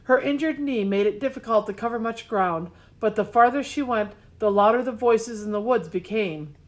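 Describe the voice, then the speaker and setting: A woman narrating a storybook in a measured, expressive reading style. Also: on the high side. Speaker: audiobook narrator. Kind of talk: scripted narration.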